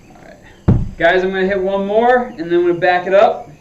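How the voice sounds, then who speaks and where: A man's voice: sits high, fairly quick, noisy background. A man chatting casually to his viewers while practicing golf, talking himself through his swings. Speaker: golfer streaming a practice session. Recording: roomy, distant, dull lo-fi sound.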